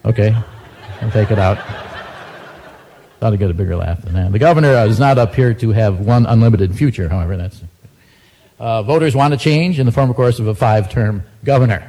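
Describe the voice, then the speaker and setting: A man's voice: on the low side, a little fast, warm tone, husky. Dry-humored man reading joke news. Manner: dry, self-mocking asides between jokes. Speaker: comedian. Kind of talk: stand-up joke news monologue.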